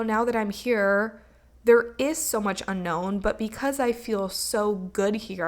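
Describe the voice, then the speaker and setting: A young woman hosting her own podcast, talking in a casual, earnest and reflective way, often slipping into encouraging advice and filling with "like" and "you know.". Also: medium pitch. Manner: earnest, reflective, motivational, with many likes and you knows. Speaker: podcast host. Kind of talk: casual solo podcast monologue.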